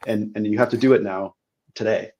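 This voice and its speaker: A man as an interview guest, explaining history and policy in a measured way, often repeating words as he goes. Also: on the low side, fairly even intonation, darkish tone. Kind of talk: analytical interview talk.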